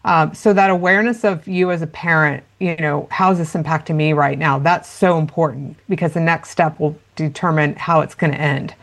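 A woman's voice: low voice, fairly even intonation, normal speed, few pauses. A woman speaking as a parenting expert in an interview, explaining earnestly with frequent "you know" fillers. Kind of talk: interview conversation.

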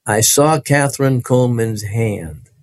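A man's voice: mid-range voice, a little mellow, no room sound. Earnest man telling a personal testimony. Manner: earnest, halting, restarts with laughs. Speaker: guest.

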